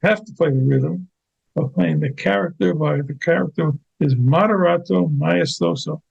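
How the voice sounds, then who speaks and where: A man's voice: a little high, normal speed, creaky, darkish tone, breathy edge. An older man, an orchestral percussionist, explaining note markings as an interview guest, often repeating words as he demonstrates. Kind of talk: explaining, teaching. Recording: lo-fi, dull sound.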